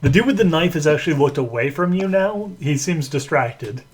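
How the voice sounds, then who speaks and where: A man's voice: a little high, lively intonation, moderate pace, slightly rough. A man running a tabletop role-playing game as game master, talking casually and rambling with many fillers.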